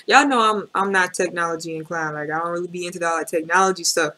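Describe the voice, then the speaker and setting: A woman with a bright, forward voice reacts in a loose, chatty way. She scatters slang and "like" through her talk, so she sounds relaxed and conversational. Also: lowish voice, fast talker, few pauses. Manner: chatty, laid-back, with slang and fillers. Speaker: reaction video host. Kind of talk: casual reaction commentary.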